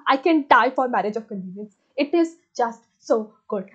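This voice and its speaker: Gushing, excitable young woman. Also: on the high side, moderate pace, breathy edge. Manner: gushing, excitable, many fillers. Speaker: book reviewer. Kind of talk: casual book review vlog. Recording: slightly dull lo-fi audio.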